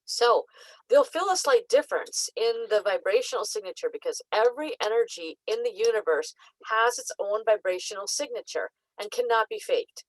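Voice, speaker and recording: A woman psychic coach talking casually to camera, teaching with lots of "like" and "um" and lively acted-out asides. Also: fairly high pitch, moderate pace, no echo, low-quality recording.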